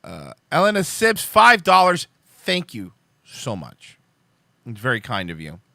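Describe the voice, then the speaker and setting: A man's voice: medium pitch, huge pitch swings, unhurried, gravelly, pushed and bright, no echo. A young man hosting a live stream, rambling and joking with his viewers, swearing freely and laughing often. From Cuban heritage. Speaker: livestream host.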